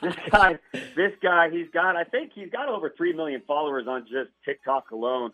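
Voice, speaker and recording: A man's voice: a little high, moderate pace, sharp tone, faint music behind. A man calling in by phone, a rodeo announcer, talking like a hyped-up showman. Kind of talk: phone interview. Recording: dull phone-line audio.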